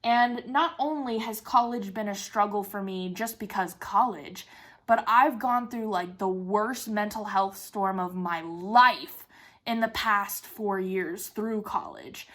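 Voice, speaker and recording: Her mid-range, slightly bright voice moves slowly as she chats casually on her crafting vlog. The woman, in her twenties, sounds excited, stresses her words, laughs a lot and swears from time to time.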